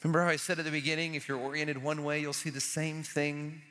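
A man's voice: a little high, flat delivery, fast talker, pushed and bright, in a large hall. A man preaching a sermon as a pastor, with earnest, urgent, repetitive exhortations to his church.

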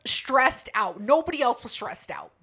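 A woman's voice: on the high side, expressive, unhurried, bright, forceful tone, husky. Blunt, teasing woman podcaster. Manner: blunt, teasing, heavy swearing. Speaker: podcast co-host. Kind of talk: casual podcast chat.

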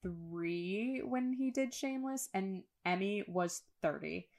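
A woman's voice: mid-range voice, animated, unhurried, a little mellow. A woman co-hosting a casual podcast, recapping episodes in long run-on stretches and swearing casually. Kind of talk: casual chat.

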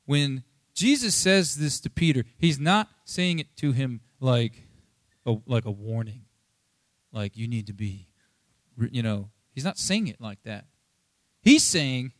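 A man preaching a sermon in a casual, conversational way, acting out quoted dialogue with animated inflection. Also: a little high, normal speed, no room sound. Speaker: pastor.

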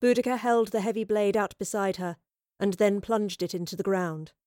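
A woman narrating a storybook reading in a steady, even way. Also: medium pitch, normal speed, dry recording, clean studio sound.

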